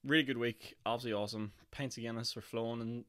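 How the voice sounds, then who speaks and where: A hoarse young man with a Northern Irish accent, hosting his podcast in a chatty, jokey way. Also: mid-range voice, fairly even intonation, rapid-fire, a bit bright. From Northern Ireland. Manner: chatty and jokey, with frequent laughs and fillers. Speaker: podcast host. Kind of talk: casual solo podcast chat.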